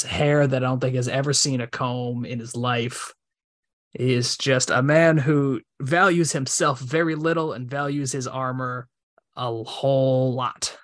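Relaxed man describing a game scene. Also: mid-range voice. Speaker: player. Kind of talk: tabletop role-play.

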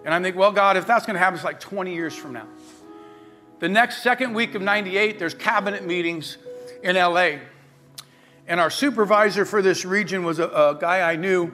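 Brief: middle-aged male pastor, high and bright, animated storytelling sermon, soft guitar playing underneath. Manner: animated storyteller, acts out quoted voices. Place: church sanctuary. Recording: faint guitar music behind.

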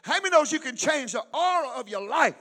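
A middle-aged pastor, preaching a sermon and swinging from loud shouts to hushed storytelling. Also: male voice, very high-pitched, expressive, quick pace, long reverb tail.

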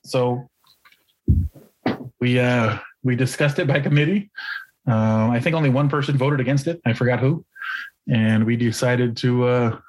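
A man's voice: medium pitch, a little slow, pauses often, a little mellow, low-quality recording. A man co-hosting a podcast, telling a long story in casual chat, swearing often and restarting his sentences. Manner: rambling, profane, lots of restarts. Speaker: podcast co-host.

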